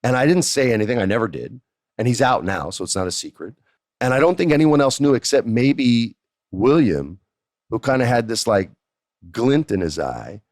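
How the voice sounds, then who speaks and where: A man hosting a podcast, telling a story casually, animated and profane, jumping up high in pitch for emphasis. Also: normal speed, dry recording, studio quality. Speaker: podcast host.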